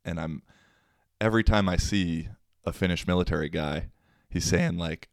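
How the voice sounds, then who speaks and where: A young man hosts a solo podcast in a low voice at normal speed, with long pauses. He chats casually, slangy, rambling and self-mocking, and the sound is clean studio audio with no echo.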